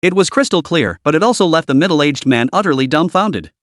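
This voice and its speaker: Lively dramatic male storyteller. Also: a little high, brisk, no room sound, clean studio sound. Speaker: narrator. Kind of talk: scripted narration of a comic recap.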